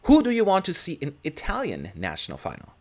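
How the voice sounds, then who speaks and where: A man's voice: on the high side, huge pitch swings, fairly quick, darkish tone. A man co-hosting a live stream, chatting casually, joking and reading out viewer questions. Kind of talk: casual chat.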